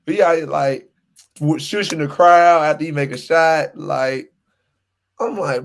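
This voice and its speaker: A man's voice: high voice, moderate pace, creaky. A man co-hosting a casual sports podcast, ranting with lots of repetition and laughter. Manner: animated ranting, repeats himself, laughs often. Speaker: podcast co-host.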